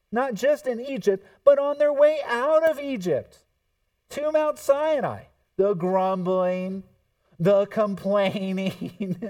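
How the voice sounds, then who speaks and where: A man preaching a sermon in a mellow, dark voice that sits a little high. He is heard from some distance off the microphone. His delivery swings between hushed reflection and emphatic bursts, and he acts out quoted speech as he goes. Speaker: pastor.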